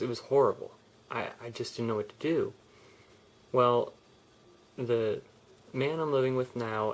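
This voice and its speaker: A man's voice: medium pitch, creaky. Young man telling a personal story. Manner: candid, rambling, with frequent restarts and laughs. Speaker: vlogger. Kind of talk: personal confessional vlog.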